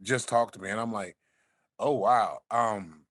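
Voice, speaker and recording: A man with a deep, smooth voice, chatting as a podcast guest and telling a laid-back story, swearing freely. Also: a little slow, fairly bright tone, no echo, studio quality. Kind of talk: casual chat.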